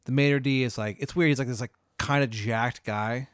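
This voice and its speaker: A man's voice: mid-range voice, steady tone, moderate pace, a bit bright, smooth, no room sound, studio quality. A man hosting a comedy podcast, spinning a long hypothetical story in a rambling way, full of "like" and "uh". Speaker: podcast host.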